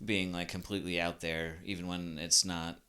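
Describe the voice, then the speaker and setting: A man's voice: deep voice, little pitch movement, normal speed, pushed and bright, smooth. A man co-hosting a podcast in casual chat, using "like" a lot and swearing freely. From Boston area. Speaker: podcast co-host.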